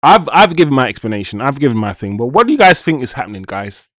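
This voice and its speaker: A man's voice: medium pitch, very animated, quick pace, no room sound. Man, young adult, live stream host, frustrated rant, chatting to viewers, dry room. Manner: ranting, frustrated, swearing, talking to the chat. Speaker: football watch-along host. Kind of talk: live-stream commentary and chat.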